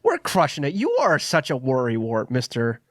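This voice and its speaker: A man's voice: mid-range voice, huge pitch swings, moderate pace, no echo, studio quality. A young man co-hosting a podcast, joking in a laid-back, casual chat. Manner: laid-back, joking, calls people "dude". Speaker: podcast co-host.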